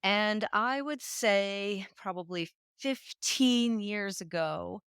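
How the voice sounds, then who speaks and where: A woman's voice: medium pitch, slow pace, fairly bright tone, clean tone, dry recording, clean studio sound. A woman in her fifties from New England, a podcast guest telling her story in a candid, chatty way with many asides. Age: 50s. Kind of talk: conversational storytelling.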